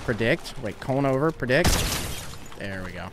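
A man's voice: medium pitch, expressive, moderate pace, heavy background noise. A young man casually chatting on a live game stream, laughing often and reading out viewer donations. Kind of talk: casual live-stream chat while gaming.

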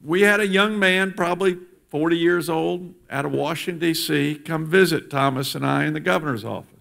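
A man's voice: on the high side, a little fast, gravelly, a bit bright. A politician addressing a church congregation, speaking emphatically and building his points through repetition. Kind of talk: speech to a congregation. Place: church sanctuary.

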